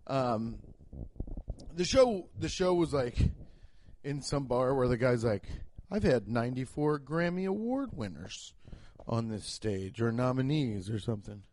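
A young man rambling through a casual, profane podcast monologue as a comedian, telling jokey stories with sudden jumps in pitch. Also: expressive, measured pace, darkish tone, slight background noise.

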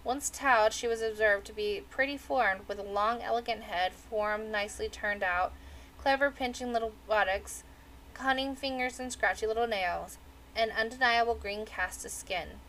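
A woman narrating a novel aloud in a steady, measured reading. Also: on the high side, a little hiss or hum, poor audio. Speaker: audiobook reader. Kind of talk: storybook narration.

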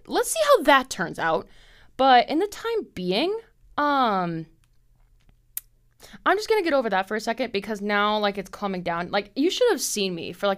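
A young woman in her twenties hosting a casual solo podcast from her apartment, telling stories in an animated way, acting out quoted people in a higher voice and swearing freely. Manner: animated storytelling, acts out quotes in a high voice, swears. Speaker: podcast host.

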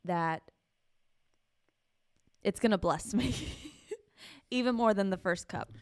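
A woman's voice: mid-range voice, slow, dry recording, clean studio sound. A woman pastor co-hosting a church livestream in a playful, chatty way. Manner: playful and chatty, laughs often. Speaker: pastor and co-host. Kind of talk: casual chat.

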